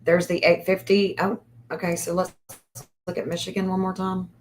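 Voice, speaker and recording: A woman hosting a casual livestream, reading an astrology chart aloud and thinking out loud in a hesitant, repetitive way. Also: on the low side, flat delivery, normal speed, slight background noise.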